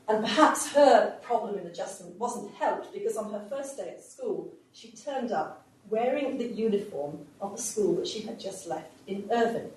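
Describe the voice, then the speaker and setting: A woman history professor giving an academic lecture, telling emigrants' stories in a measured way with hesitant fillers. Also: medium pitch, a little mellow. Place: lecture hall. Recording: very echoey hall, mic far off, faint hiss.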